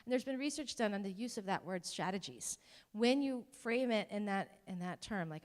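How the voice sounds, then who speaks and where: A woman's voice: medium pitch, animated, normal speed. A woman giving an informal talk to parents, conversational, with ums and self-deprecating asides. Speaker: presenter at a parent workshop. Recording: long hall reverb.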